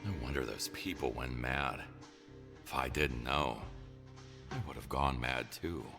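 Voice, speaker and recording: A cynical crime scene cleaner in a video game, his voice sunk very deep. He mutters dry, grumbling asides over clearly audible game music. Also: measured pace, exaggerated voice. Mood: wry, grumbling.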